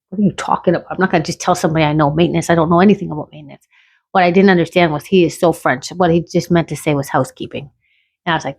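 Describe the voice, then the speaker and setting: A woman's voice: on the low side, fast talker, dry recording, clean studio sound. A woman from Canada telling a rambling personal story in a chatty, casual way, with many restarts.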